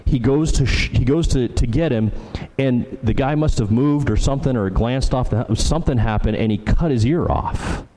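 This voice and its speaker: A man delivering a sermon with a mellow, warm tone. He talks conversationally and scatters fillers and quick "right?" checks through his preaching. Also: medium pitch, rough recording. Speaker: pastor.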